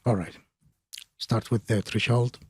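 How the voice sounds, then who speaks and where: A man hosting an audio production tutorial, talking haltingly with many filler pauses as he explains plugins. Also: lowish voice, fairly even intonation, noisy background. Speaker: mixing tutorial host.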